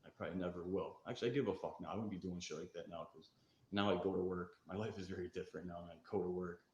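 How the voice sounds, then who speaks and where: Fired-up, swearing man telling a rough story. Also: low voice, fairly even intonation, fast, echoey room, muffled recording, heavy background noise. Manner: fired-up, swearing, acts out shouted quotes. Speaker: storyteller of past addiction. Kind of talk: candid recovery storytelling.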